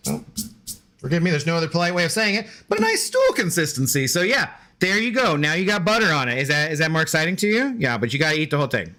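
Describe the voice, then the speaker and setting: Man, casual stream chat, playful and chatty, bright higher voice, faint music behind. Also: very animated, fast. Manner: playful, chatty, talks to his dog and chat. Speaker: game streamer.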